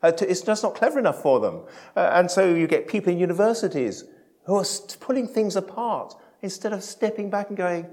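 A man preaching a sermon to his congregation in a church service, animated, swinging between loud emphasis and quiet asides, with self-deprecating humour. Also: high-pitched, a little fast. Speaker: pastor.

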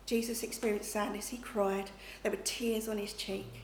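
This middle-aged preacher's voice is mid-range and darkish, with little pitch movement and a normal speed. Her sermon is conversational and chatty, peppered with "okay?" and "you know" to check in with listeners, and it's recorded in an echoey room with faint background noise.

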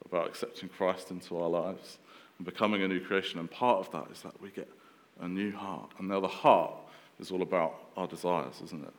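In a large hall, a man in his thirties delivers a laid-back sermon as if chatting, with plenty of fillers and false starts. His voice sits low.

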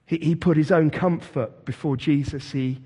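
A man preaching a sermon as pastor, retelling scripture as a vivid, animated story. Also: a little high, normal speed, breathy edge, long reverb tail. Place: church.

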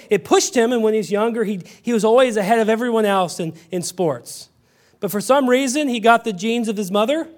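A male pastor preaching a sermon, moving from hushed storytelling to raised, emphatic exclamations. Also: high voice.

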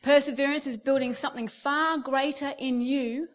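A middle-aged Australian woman preaches a sermon at normal speed in a voice that sits high. She tells stories animatedly and acts out the voices of the people in them.

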